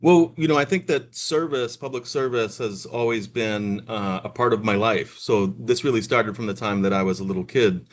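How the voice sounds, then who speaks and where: Articulate low-voiced man from Boston. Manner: articulate, measured, lightly wry. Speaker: nonprofit leader, guest. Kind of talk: radio interview. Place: radio studio.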